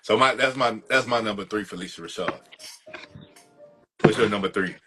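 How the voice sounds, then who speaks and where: A man's voice: fairly low pitch, moderate pace, sharp tone, soft background music, poor audio. A man co-hosting a podcast, talking in a slangy drawl with short, emphatic reactions. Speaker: podcast co-host. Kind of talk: casual chat.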